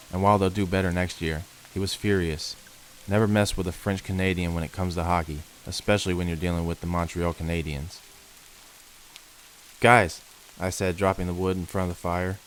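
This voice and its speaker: A man reading first-person creature horror stories as scripted narration, in a slow, measured, ominous manner. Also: sits low, a little hiss or hum, rough recording. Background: faint rain.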